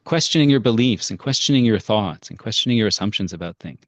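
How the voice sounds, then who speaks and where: A man's voice: on the low side, lively intonation, quick pace, no echo, dull audio. A man presenting a parenting workshop in a casual, chatty way, full of fillers like "like" and "right?". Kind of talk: casual guided workshop talk.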